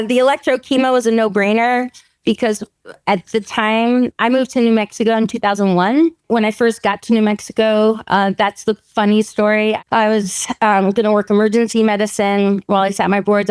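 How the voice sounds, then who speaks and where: Middle-aged woman, lively storyteller with a smooth voice in a dry room. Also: mid-range voice, no echo. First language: French. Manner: animated storytelling, laughs often, acts out quoted dialogue. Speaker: veterinary oncologist guest. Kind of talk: casual podcast interview.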